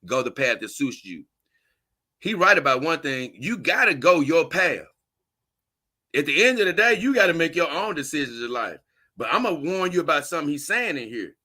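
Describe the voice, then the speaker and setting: A man's voice: on the high side, sing-song, a little fast, bright, forceful tone. A man hosting a casual livestream, reading viewer comments and giving blunt, preachy, slangy advice with emphatic delivery.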